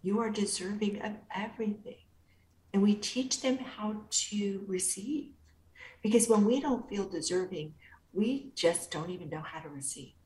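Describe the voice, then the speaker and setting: A woman guest being interviewed, speaking calmly and gently in a soothing, therapeutic way. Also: mid-range voice, measured pace, a little hiss or hum. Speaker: guest author and inner-child coach. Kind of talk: interview answers. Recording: roomy echo.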